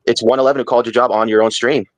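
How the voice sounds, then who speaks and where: A man's voice: medium pitch, steady tone, rapid-fire, no echo. A man calling into a livestream, dismissive and defiant as he denies blame. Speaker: livestream caller.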